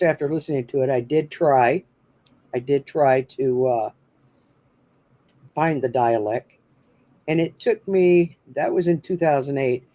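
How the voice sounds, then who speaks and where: A man's voice: mid-range voice, a little slow, long pauses, dark tone, muffled recording. A man hosting a paranormal podcast, telling a story in a rambling, casual way with many fillers. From New Hampshire. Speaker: podcast host.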